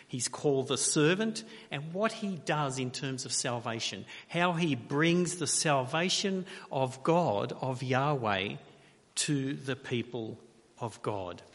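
A man preaching a sermon, measured and emphatic, asking rhetorical questions with long pauses. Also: a little high. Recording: reverberant hall.

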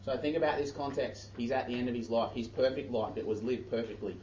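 He talks fast in a medium-pitched voice, an Australian pastor delivering a sermon. He reads scripture aloud, then drifts into chatty, self-interrupting asides, all captured in echoey, distant, dull church audio with background noise.

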